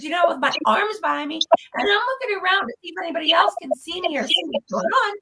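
A woman guest on a podcast, casually retelling a story in an animated, profane way. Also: very high voice, fast talker, few pauses, slight background noise, low-quality recording.

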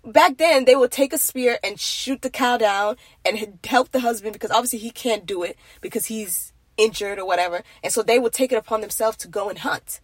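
A woman's voice: fairly high pitch, a little fast, few pauses, husky, dry recording. A young woman from Nigeria talking in an earnest, rambling way about faith and marriage. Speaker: faith vlogger. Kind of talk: casual faith monologue.

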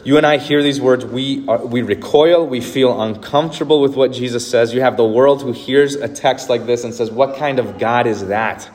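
A man's voice: medium pitch, fairly even intonation, moderate pace, hardly any pauses, a little mellow. Man, pastor, sermon, earnest, emphatic, repetitive cadence, long hall reverb.

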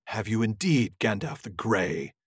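A man voicing a scornful, proud old male wizard in a slow, grave, sneering reading. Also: lowish voice, very animated, breathy edge, no echo, clean studio sound, exaggerated voice. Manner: slow, grave, scoffing delivery. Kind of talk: reading a novel aloud in character voices.

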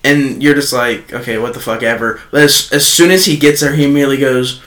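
A man's voice: mid-range voice, steady tone, brisk, a bit bright. A young adult man co-hosting a podcast, telling rambling, profane work stories in casual chat. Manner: rambling, profane, quotes coworkers. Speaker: podcast co-host.

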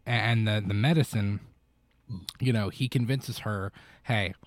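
A man with a lowish voice talks at a measured pace while co-hosting a podcast, casually recapping a film. He rambles, restarts, and leans on fillers, and there's no room sound at all.

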